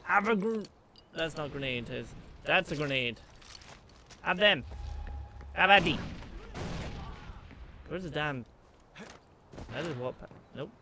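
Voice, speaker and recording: A man talks over his gameplay with a bright, sharp voice that rises and falls a lot. He mutters to himself and throws joking asides at his foes, with faint game noise underneath. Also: fairly high pitch, lively intonation, slow, pauses often. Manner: chatty, muttering to himself, jokey asides to enemies. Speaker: gaming let's play host. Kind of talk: let's play commentary.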